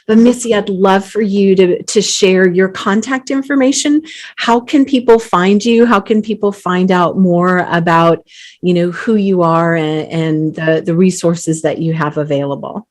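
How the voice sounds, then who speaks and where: A woman hosting an interview, talking enthusiastically with animated emphasis and frequent small repeats as she starts phrases. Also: fairly low pitch, a little slow. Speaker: host, company CEO. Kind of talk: conversational interview.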